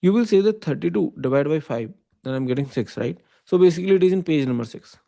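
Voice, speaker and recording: A man with an Indian English accent teaches an online class. His voice sits a little high and has a mellow tone. He works through each step slowly and keeps checking that the listener follows. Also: animated, gravelly. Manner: explains step by step, often checking with "okay?" and "right?". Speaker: computer science teacher. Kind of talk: online lecture.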